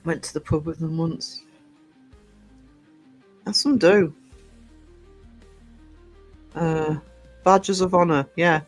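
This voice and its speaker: A livestream host with a slightly high voice talks slowly, with fairly even intonation and long pauses, over soft background music. He answers live comments casually, rambling and hesitant, with plenty of ums.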